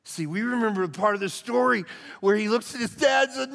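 An older man, a lead pastor, preaching a sermon in a folksy, conversational way that swings from hushed to loud. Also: sits high, a little fast, creaky. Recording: long hall reverb.

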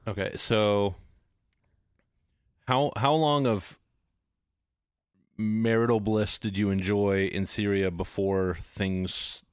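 A man with a Texan accent hosting a casual interview, relaxed and hesitant, with many fillers. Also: fairly low pitch, slow, long pauses, smooth, no echo, clean studio sound. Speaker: podcast host interviewer.

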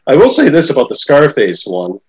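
A man's voice: medium pitch, huge pitch swings, fairly quick, a little mellow, breathy edge, low-quality recording. A middle-aged man hosting a podcast interview, talking in a hesitant, rambling way with lots of fillers. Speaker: podcast host. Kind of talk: casual interview chat.

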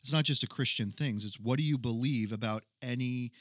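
Male co-host, mid pitch, thoughtful and measured, dry close mic. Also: fairly bright tone, no echo. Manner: measured, reasoning aloud with many restarts. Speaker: podcast co-host. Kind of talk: casual chat.

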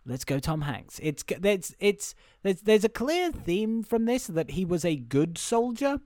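A man's voice: high-pitched, big pitch swings, a little slow, darkish tone, dry recording, clean studio sound. A man casually recapping a film for a comedy podcast, rambling with restarts. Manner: rambling, restarts, breaks into goofy character voices.

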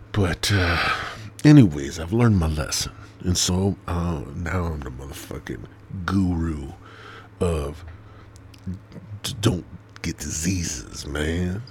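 Profane rambling man with a low, lively voice. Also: slow pace, a little hiss or hum. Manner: profane, rambling, swings into loud mock voices and mutters. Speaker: podcast host. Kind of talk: crude rambling monologue.

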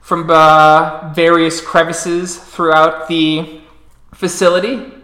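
Man running a tabletop game, echoey room. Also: on the high side. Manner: relaxed, pauses with "uh" while calling out rolls. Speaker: storyteller.

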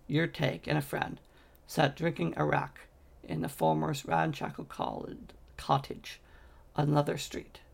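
A man reading a fantasy novel aloud in a steady storytelling manner, with occasional slips and restarts. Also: fairly high pitch, vocal fry, husky. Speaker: audiobook reader.

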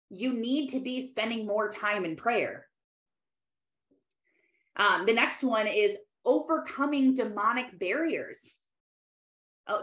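A woman's voice: medium pitch, a bit bright. A middle-aged woman giving earnest devotional teaching, exhorting listeners between loose asides. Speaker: Christian teacher. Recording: roomy echo.

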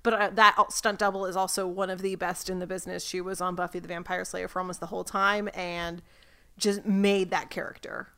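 A woman's voice: on the low side, little pitch movement, a little fast, a bit bright, clear, resonant tone. A woman co-hosting a casual recap podcast, talkative and explaining things with lots of asides. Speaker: podcast co-host.

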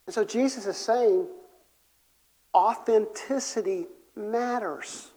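A man preaching a sermon as pastor, earnest, moving between emphatic and soft delivery. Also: high voice, animated, moderate pace. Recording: long reverb of a large hall.

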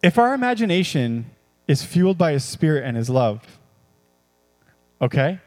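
High-voiced excitable male pastor in a hall. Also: moderate pace, long pauses, soft background music. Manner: animated, repetitive, swings between soft and excited. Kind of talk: sermon. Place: church hall. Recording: long reverb of a church hall.

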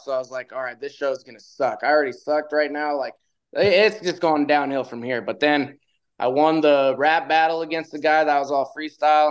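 A man's voice: a little high, smooth, rough recording. A man, a retired bull rider, guesting on a podcast and telling stories in a laid-back way, often laughing. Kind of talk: casual storytelling.

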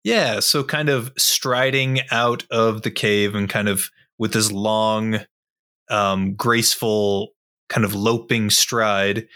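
A man describes his character in a tabletop game with a slow, careful delivery. His voice is bright and clear-toned. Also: lowish voice, steady tone. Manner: slow, thoughtful with fillers. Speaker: player.

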